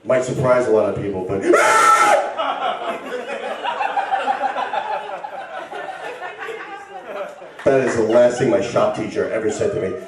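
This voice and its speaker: A male stand-up comedian rambling and stammering through a set, bursting into shouts. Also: fairly low pitch, fast, few pauses, heavy background noise. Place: bar stage with live audience. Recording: echoey club recording from far off. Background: crowd laughing.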